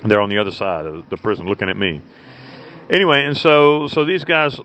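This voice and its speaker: Calling from his cell on a cell phone, an American prison inmate tells rambling stories in a blunt, profane way, restarting often as an interview guest. His voice is lowish and a little bright, with fairly even intonation and a fairly quick pace, over a muffled lo-fi line with faint noise.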